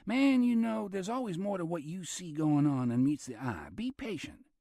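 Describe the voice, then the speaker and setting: A male narrator voicing a grinning, smooth-talking man who arranges things, in a lifted, breezy voice. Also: high-pitched, animated, normal speed, warm tone, no room sound, studio quality, pitched above the performer's own voice, full character voice.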